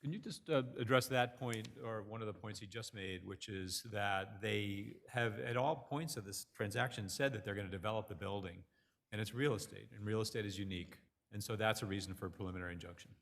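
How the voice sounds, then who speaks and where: Low-voiced presiding judge, echoing courtroom. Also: male voice, fairly quick, vocal fry, fairly bright tone. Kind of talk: running court proceedings. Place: appellate courtroom. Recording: reverberant courtroom sound.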